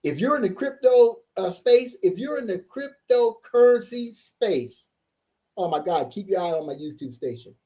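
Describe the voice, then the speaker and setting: A man's voice: sits high, lively intonation, moderate pace, warm tone. A middle-aged man giving a live-streamed seminar as a tax coach, hyped up and asking "okay?" again and again. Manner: hyped-up, repeats "okay?" often.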